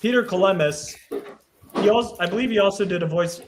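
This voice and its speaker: A man's voice: high-pitched, a little fast, noisy background. Rambling man on a podcast call. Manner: rambling, searches for names aloud. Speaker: podcast guest. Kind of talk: casual chat.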